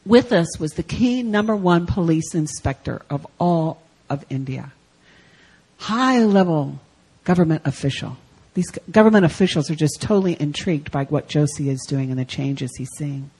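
Animated woman preaching with stories. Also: low voice, normal speed, breathy edge, poor audio. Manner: animated, acts out quoted voices, swings from loud to hushed. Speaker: guest speaker. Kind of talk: sermon storytelling. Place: church service.

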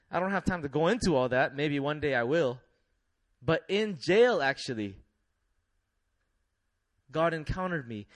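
A young man preaching a sermon in a lively, laughing way, leading the congregation in call-and-response. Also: on the high side, dry recording.

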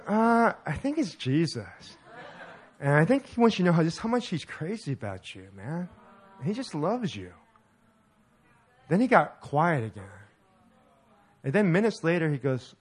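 Animated, laughing pastor preaching. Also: male voice, on the high side, moderate pace, pauses often, a little hiss or hum. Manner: animated, laughing storyteller who acts out quoted dialogue. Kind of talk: sermon storytelling.

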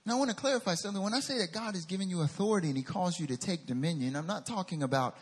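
A man from North Carolina with a Southern accent, preaching a lively sermon as pastor and speaking directly to his congregation. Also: mid-range voice, slightly rough.

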